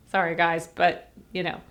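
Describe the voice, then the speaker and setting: Slow-talking woman voice teacher. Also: medium pitch. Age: older. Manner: chatty, demonstrates vowel warm-ups by singing. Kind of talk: vocal lesson to camera.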